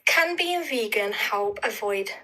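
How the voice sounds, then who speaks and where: A woman calling in to a live stream, hesitant and full of ums, reading out slowly. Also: mid-range voice, lively intonation, bright, forceful tone, low-quality recording. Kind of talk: casual call-in chat.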